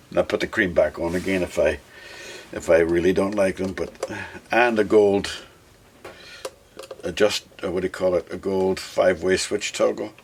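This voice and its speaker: A man with a very low voice talks casually as he works on a guitar, thinking out loud and chatting to the viewer. Faint noise and small clicks sit behind him. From Scotland. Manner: chatty, talks to himself while working, sing-song bursts. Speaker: hobby guitar builder. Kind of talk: casual workshop vlog talk.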